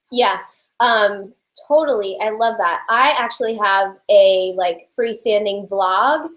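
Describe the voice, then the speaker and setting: A woman's voice: medium pitch, slow, a bit bright. A woman hosting a team call, asking friendly questions with lots of "um". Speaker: host. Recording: echoey room sound.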